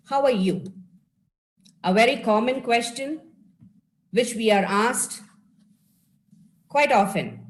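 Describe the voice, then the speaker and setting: A woman's voice: a little high, slight background noise, poor audio. A woman from India, a life skills speaker, giving a live webinar talk over a video call and encouraging her audience as friends.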